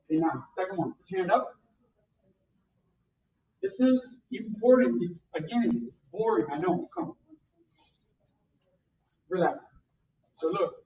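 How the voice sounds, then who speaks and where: A karate instructor teaching a beginner class, counting out drills and calling punch commands in loud bursts. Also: mid-range voice. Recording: distant, roomy, dull sound with faint noise.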